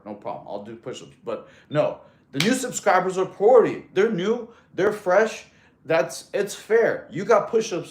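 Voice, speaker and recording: A man chatting casually on a fitness livestream in a laid-back, slangy way, getting out of breath as he counts push-ups. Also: on the high side. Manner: laid-back slangy talk, calls viewers bro. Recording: echoey room.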